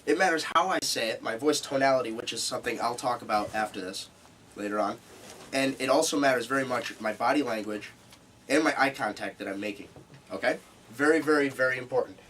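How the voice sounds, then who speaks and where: A man's voice: mid-range voice, fast talker, fairly bright tone, distant mic, a little hiss or hum. Emphatic man teaching a seminar. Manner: emphatic, repeats key points. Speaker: seminar instructor. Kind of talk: live seminar talk.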